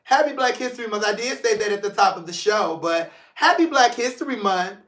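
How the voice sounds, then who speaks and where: A man's voice: sits high, brisk, reverberant. A man from St. Louis hosting his own talk show, chatting casually and jokingly, shifting into earnest reflection. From St. Louis, Missouri. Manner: animated, joking, drifts between playful and emotional. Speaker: podcast host. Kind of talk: casual solo livestream talk.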